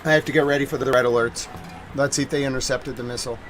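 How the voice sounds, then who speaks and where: A man's voice: mid-range voice, fairly even intonation, rapid-fire, music in the background, poor audio. A man in his thirties with a Boston accent, talking casually on a news livestream and rambling with lots of fillers. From New England.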